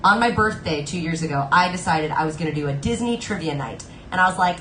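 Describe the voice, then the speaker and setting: A woman's voice: fairly low pitch, fast talker, hardly any pauses, a bit bright, a little hiss or hum. A woman hosting a live stream, chatting playfully between songs and laughing often as she tells stories. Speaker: livestream singer and host. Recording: roomy sound with guitar playing behind.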